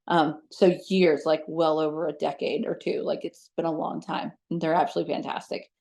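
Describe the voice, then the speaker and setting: A woman who works as a psychic medium, telling stories as an interview guest in a chatty, animated way with lots of fillers. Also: low-pitched, a little fast, vocal fry, hardly any pauses. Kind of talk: casual storytelling in an interview.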